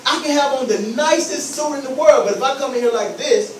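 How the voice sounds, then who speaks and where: A man's voice: extremely high pitch, brisk, few pauses, roomy sound, distant mic, noisy background. A man giving an emphatic motivational talk to students, repeating key phrases and acting out scenes. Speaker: motivational speaker.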